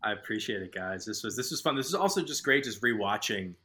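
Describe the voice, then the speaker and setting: A man's voice: lowish voice, animated, quick pace, bright, forceful tone. A man with a Boston accent, a podcast guest telling stories in casual, profane, filler-heavy chat. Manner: rambling, profane, many fillers.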